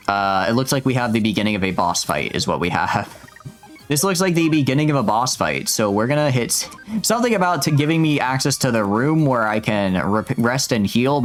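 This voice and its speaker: A man streaming a game live, his voice swinging up and down as he jokes with chat. He stammers and restarts his sentences often, talking in an animated, rambling way. Quiet game music plays behind him. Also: lowish voice. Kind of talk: live gameplay commentary. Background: faint game music.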